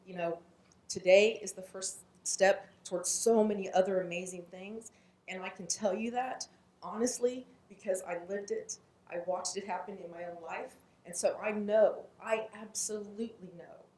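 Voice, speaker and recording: Woman, close to tears, earnest graduation speech, medium pitch, echoey hall. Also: darkish tone. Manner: earnest, storytelling. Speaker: program staff speaker.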